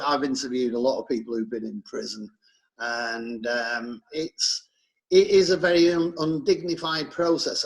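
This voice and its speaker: An English man co-hosting an opinion chat, conversational, telling stories with halting restarts. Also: medium pitch, rough recording. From England. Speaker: co-host.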